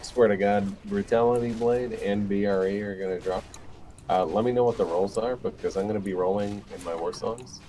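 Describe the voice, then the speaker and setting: A man talks on raid voice chat in a blunt, joking way, swearing casually as he goes. His voice sits a bit low. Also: steady tone, moderate pace, dark tone, a little hiss or hum. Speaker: raid member.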